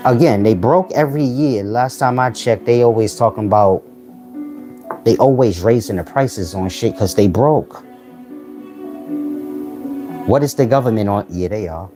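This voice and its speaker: A man's voice: on the low side, normal speed, warm tone, faint music behind. A man giving a casual philosophical monologue to his viewers, blunt and full of street slang, firing rhetorical questions. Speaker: channel host giving life advice.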